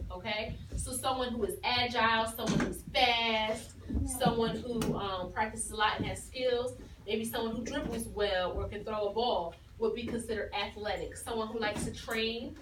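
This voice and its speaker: A woman teacher giving a phonics lesson to a class, explaining patiently and encouragingly. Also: on the high side. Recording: echoey room from far off with noise.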